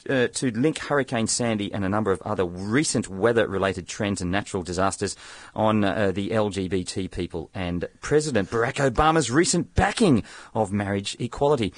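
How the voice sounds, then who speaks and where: A male radio co-host reads offbeat headlines with a wry, deadpan delivery. His husky voice moves up and down a lot, and the sound is dry and close. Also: medium pitch, no room sound. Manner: wry, deadpan reading of absurd quotes. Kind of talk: casual radio banter, reading headlines.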